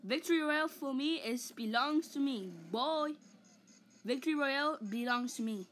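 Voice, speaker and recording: A woman's voice: high voice, moderate pace, a bit bright, a little hiss or hum. A woman voicing a vain, hot-tempered giant male ape in a comic fan dub, taunting and boasting with mock roars.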